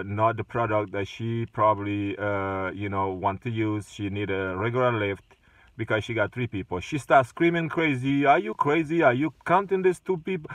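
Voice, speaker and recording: A man's voice: on the low side, a bit bright, no room sound, far from the mic. A man who drives for a rideshare service, casually retelling an incident with lots of fillers and restarts. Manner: hesitant, many fillers and restarts.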